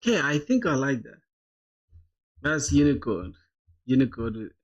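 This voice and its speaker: A man's voice: fairly high pitch, sing-song, a little slow, muffled recording. A man live-streaming his coding, thinking aloud in casual chat, laughing often and calling viewers "bro".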